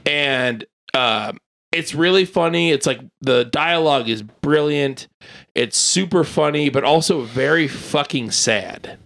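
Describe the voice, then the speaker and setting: A man's voice: fairly high pitch, a little slow, gravelly, a bit bright. A man in casual chat, rambling through a film recommendation with filler words and swearing. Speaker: podcast co-host.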